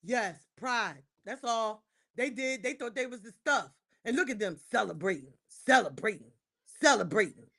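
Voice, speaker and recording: A woman hosting a livestream, ranting casually to her chat about her football team. She repeats lines for emphasis and swings between shouting and muttering. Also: a little high, lively intonation, moderate pace. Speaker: livestream host. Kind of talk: casual sports rant to live chat.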